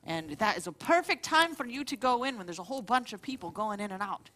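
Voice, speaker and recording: A woman's voice: a little high, animated, quick pace, fairly bright tone. Playful woman running a tabletop game. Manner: playful and laughing. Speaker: game master.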